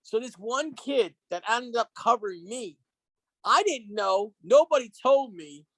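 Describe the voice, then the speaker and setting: Animated, swearing podcast guest. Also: male voice, very high voice, measured pace, dry recording. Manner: animated, profane, laughing storyteller. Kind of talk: casual podcast storytelling.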